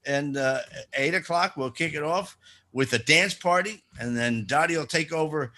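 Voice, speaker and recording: Male radio host, Jersey accent, bright tone, rambling comic patter. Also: fairly high pitch, normal speed. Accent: New Jersey. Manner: joking, rambling, self-interrupting. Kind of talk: casual radio chat.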